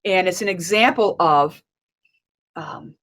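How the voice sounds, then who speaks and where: A woman's voice: fairly low pitch, takes it slowly. A middle-aged woman, a life and leadership coach, gives a conversational conference talk and tells a story, acting out the dialogue as she goes. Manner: conversational and animated, acts out dialogue in stories.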